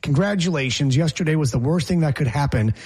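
A brash male sports talk host who rambles from point to point and throws in jokes. His voice sits a little high for a man and has a husky edge. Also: expressive, fast talker, darkish tone.

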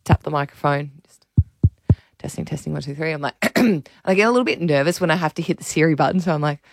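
A woman with a fairly low voice tells a self-mocking story in a lively, chatty way. She sounds like a breakfast radio host on air. The sound is dry and close. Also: very fast, no room sound. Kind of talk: casual chat.

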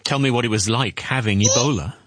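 A man interviewing for a news report, asking short, gentle, prompting questions. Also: mid-range voice, fairly quick, no room sound.

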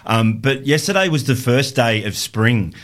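A man's voice: mid-range voice, expressive, measured pace, a bit bright. A man co-hosting a community radio show, upbeat and rambling with fillers and restarts. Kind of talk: casual radio chat.

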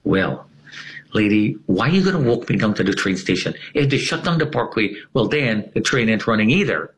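Animated man with a low voice. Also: a little fast, rough recording. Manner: vivid, dramatic, acts out the people he quotes. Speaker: guest telling his story. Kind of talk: animated personal storytelling.

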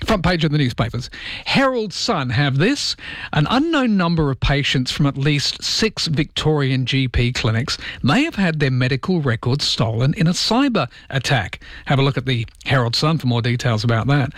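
A man's voice: mid-range voice, fairly bright tone, no room sound. A man with an Australian accent hosting early-morning radio, chatting about listener texts and reading the papers. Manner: chatty, self-deprecating, reads listener texts. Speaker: radio host. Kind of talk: early-morning radio chat and news read.

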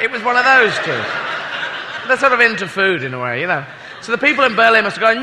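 A man's voice: very high voice, expressive, fast talker, gravelly. A male stand-up comedian telling a rambling, self-mocking story with sweary asides. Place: comedy club with audience. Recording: live club recording with long reverb and crowd noise.

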